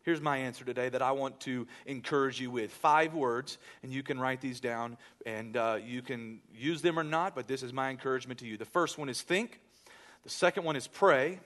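A man preaching a sermon in church, leading a hushed prayer and telling a family story with lively quoted voices. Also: mid-range voice, moderate pace. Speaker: pastor.

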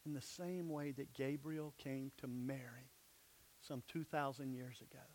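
A pastor preaching a sermon in a church, emphatic, sometimes dropping to soft, low asides. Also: male voice, steady tone, unhurried, slight background noise.

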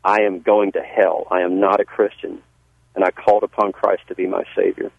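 A Southern pastor from Georgia, interviewed on the radio, tells his life story in an earnest, folksy manner, often restarting his sentences. His low, slightly rough voice has vocal fry, little pitch movement, and a fairly quick pace, heard over a dry, phone-like line with no room sound.

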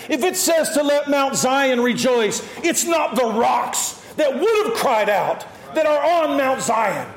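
A male pastor preaching an impassioned sermon, shouting at peaks and dropping to quiet asides. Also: very high-pitched, lively intonation, slow, few pauses, reverberant.

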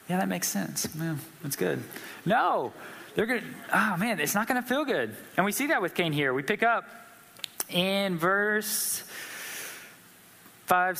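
Bright-voiced male preacher in a reverberant hall. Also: high voice. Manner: conversational, asks the audience questions. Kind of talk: sermon.

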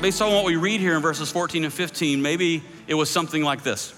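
Male pastor, talky sermon delivery, sharp ringing tone in a big reverberant sanctuary. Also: steady tone, a little fast, hardly any pauses, faint music behind. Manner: conversational preaching that climbs high when voicing others' views. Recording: long echoing hall reverb.

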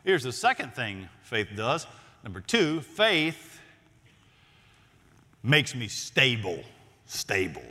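Animated preacher man in echoing hall. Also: medium pitch, a little slow. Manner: preaching with big swings between loud emphatic lines and near-whispered ones. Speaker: pastor. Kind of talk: sermon.

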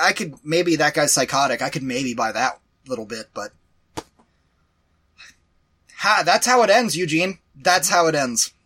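Man, podcast co-host, bright and slightly high voice, animated and exasperated, casual swearing. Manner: animated, exasperated storytelling with profanity. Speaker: podcast co-host reviewing a movie. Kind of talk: casual chat.

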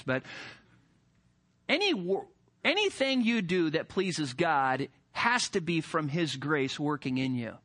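A male preacher giving a sermon with animated emphasis and rhetorical questions. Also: fairly high pitch.

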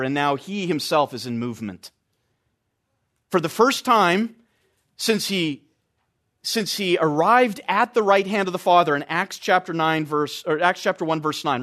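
Man, preacher, high-pitched, emphatic, repeats phrases for stress. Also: a bit bright. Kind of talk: expository sermon.

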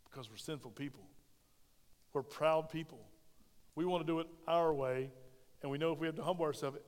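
A man preaching a sermon as pastor, animated and conversational. He questions his congregation directly and swings between loud emphasis and hushed, intimate tones. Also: fairly high pitch, a little fast. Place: church sanctuary. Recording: long hall reverb.

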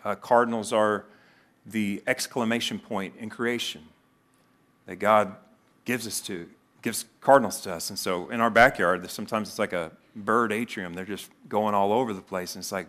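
Middle-aged male pastor, lowish voice, earnest conversational sermon delivery. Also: fairly even intonation, normal speed, fairly bright tone. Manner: earnest, conversational preaching with spoken prayers.

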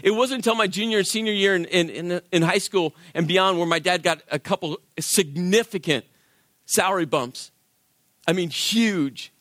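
High-voiced man telling a sermon story. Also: no echo, clean studio sound. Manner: animated, acts out quoted voices. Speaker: worship leader.

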